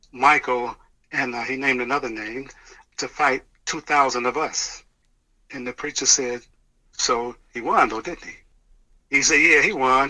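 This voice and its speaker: A man recounts something he lived through in an earnest, halting way, restarting words and voicing the people in it. His tone is bright and forceful while his pitch sits in a middle range. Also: low-quality recording. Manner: earnest, halting retelling with restarts and quoted dialogue. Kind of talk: personal testimony storytelling.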